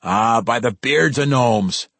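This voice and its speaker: Man voicing a gruff old dwarf, thick brogue. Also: medium pitch, slow, a bit bright, dry recording. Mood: lamenting. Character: gruff old male dwarf warrior, grumbling.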